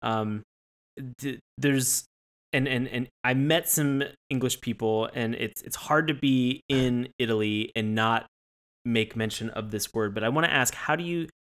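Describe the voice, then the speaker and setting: A man's voice: mid-range voice, measured pace, a bit bright. A man co-hosting a casual podcast chat, rambling with many restarts and frequent laughter. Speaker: podcast co-host.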